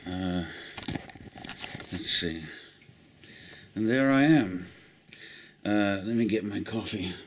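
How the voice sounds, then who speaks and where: A man's voice: fairly low pitch, slow pace, pauses often, a little hiss or hum. A middle-aged man from South Africa, chatting in a meandering, self-mocking way to a handheld camera. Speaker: vlogger. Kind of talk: rambling casual vlog. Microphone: handheld camera mic.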